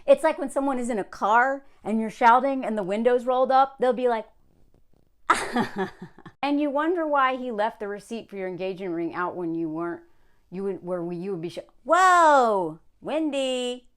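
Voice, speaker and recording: A woman's voice: fairly high pitch, normal speed. A woman vlogger reads an advice column aloud and reacts in an exasperated, sarcastic way, talking straight to the writer. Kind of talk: casual commentary reading aloud.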